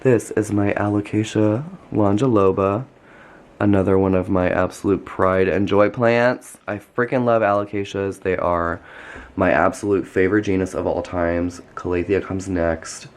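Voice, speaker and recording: A man with a somewhat low voice talks through a casual tour of his home plant collection. He gushes, chats freely and fills his sentences with "like". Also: steady tone, moderate pace. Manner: gushing, chatty, frequent "like". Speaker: plant vlogger. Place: home filled with houseplants.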